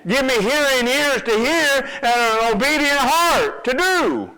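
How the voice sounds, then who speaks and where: A man's voice: extremely high pitch, lively intonation, a little slow, bright, forceful tone, low-quality recording. A man preaching a sermon with emphasis, reading scripture aloud and repeating his words.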